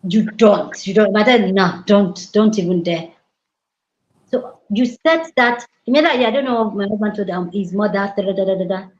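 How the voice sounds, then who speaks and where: Animated woman telling stories. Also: mid-range voice, a little fast, hardly any pauses, a little hiss or hum. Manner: animated storytelling, mimics others' voices. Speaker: host. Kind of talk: casual chat. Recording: roomy, slightly dull sound.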